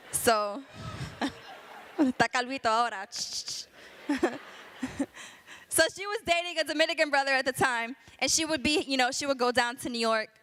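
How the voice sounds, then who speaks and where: A woman's voice: mid-range voice, a bit bright, clean tone. A woman spoken word poet telling a story to students and performing a poem, rhythmic and emphatic, slipping between English and Spanish. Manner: casual, joking banter with the audience. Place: school auditorium before students.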